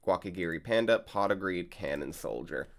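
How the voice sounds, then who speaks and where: A man's voice: sits low, lively intonation, moderate pace, vocal fry. A man hosting a card game channel, chatting casually and rambling with lots of fillers. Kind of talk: casual gameplay vlog and commentary. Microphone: desk mic while recording gameplay.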